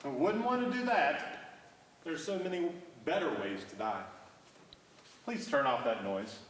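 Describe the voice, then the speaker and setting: A man reading the part of a calm, sinister butler in a workshop script reading, measured and formal. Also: a little high, slight background noise. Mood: dryly menacing. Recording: echoey room from far off.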